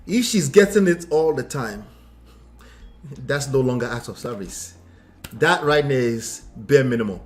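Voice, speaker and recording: A man's voice: medium pitch, unhurried. A man co-hosting a casual marriage talk stream, often cutting in with repeated "wait" and "listen.". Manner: animated, interrupts with repeated "wait". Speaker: marriage coach co-host. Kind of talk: casual couple's livestream talk.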